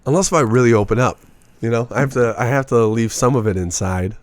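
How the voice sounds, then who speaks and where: A man in his early twenties, a stand-up comedian from the Midwest, telling profane, animated stories in a casual podcast chat. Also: medium pitch, fast, no room sound. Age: early 20s. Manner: profane, animated storyteller who acts out what others said.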